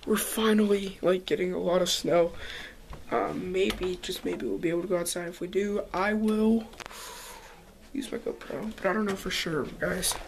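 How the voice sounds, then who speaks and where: Woman, casual vlog, excited, rambling, handheld camera, home, faint background noise. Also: lowish voice, moderate pace. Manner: excited, rambling with many fillers. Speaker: vlogger. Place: indoors at home.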